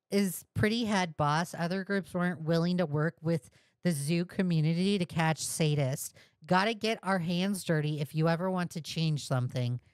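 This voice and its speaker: A woman reacting to a video as a commentary streamer, profane and mocking, with excitable outbursts. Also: lowish voice, dry recording.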